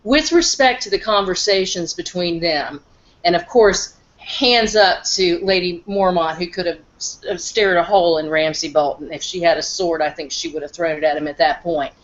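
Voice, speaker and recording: A woman's voice: on the low side, moderate pace, muffled recording. A middle-aged woman chatting animatedly as a guest, addressing the others directly. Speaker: guest panelist, the host's mother. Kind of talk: casual discussion.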